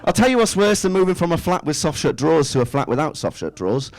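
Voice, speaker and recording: A man's voice: a little high, sing-song, fast, dry recording, low-quality recording. A man, doing a stand-up set in a small club, chatty and self-mocking, tossing rhetorical questions at the crowd. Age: 30s. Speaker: stand-up comedian. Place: small indoor comedy club stage.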